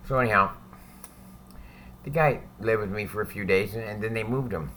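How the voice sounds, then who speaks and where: A man's voice: lowish voice, normal speed, sharp tone, a little hiss or hum. A man telling a story about his time in prison in a casual, profane, rambling way, often adding "right?" as he goes.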